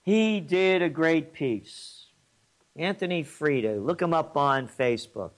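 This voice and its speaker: Ranting New commentator, high lively voice, slow, mocking delivery. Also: male voice. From New York. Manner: combative, sarcastic, mocking. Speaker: commentator and host. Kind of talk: ranting political monologue.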